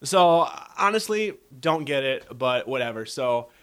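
A man's voice: medium pitch, expressive, measured pace, a bit bright, clean tone. Profane, rambling podcast storyteller man. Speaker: podcast host. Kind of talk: casual storytelling.

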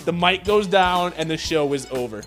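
A man with a high, lively voice swinging all over the place, riffing through crude podcast banter. His talk is animated and vulgar, and faint music plays softly under the conversation. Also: normal speed. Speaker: podcast co-host.

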